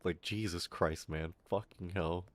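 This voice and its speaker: A young man streaming, telling a school story in a casual, animated, swearing way. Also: low voice, a little slow.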